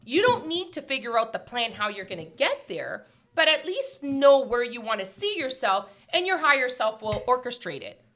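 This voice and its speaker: Blunt, animated woman guest on a podcast, bright voice, a bit high. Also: moderate pace. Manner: emphatic, blunt, repeats phrases. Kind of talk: animated casual chat.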